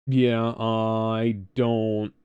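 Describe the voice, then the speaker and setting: Slow, smooth-voiced man joking around. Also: lowish voice, flat delivery, darkish tone, no echo, muffled recording. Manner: profane and joking. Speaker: stream co-host. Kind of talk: casual reaction chat.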